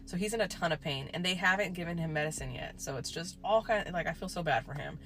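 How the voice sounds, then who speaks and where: A woman's voice: on the low side, expressive, fast talker, fairly bright tone, faint music behind. A woman telling a true ghost story in a casual, chatty way, full of "like" and swearing.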